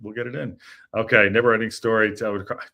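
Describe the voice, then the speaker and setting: A man hosting a live football fan show, chatting casually in a jokey way, with quick apologetic asides. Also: fairly low pitch, level tone, very noisy. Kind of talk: casual live-stream chat.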